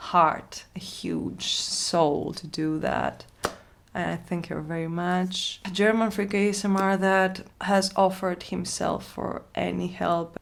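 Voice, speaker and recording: Slow, gravelly-voiced woman vlogging. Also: fairly low pitch. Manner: halting, repeats herself, soft laughs. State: losing her voice from illness. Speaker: ASMR channel host. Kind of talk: emotional casual vlog talk.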